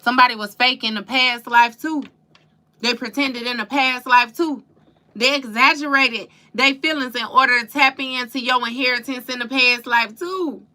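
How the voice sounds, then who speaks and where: Slangy, bright-voiced woman tarot reader. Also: a little high. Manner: slangy, profane, laughs often, calls listeners baby. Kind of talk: casual live tarot reading.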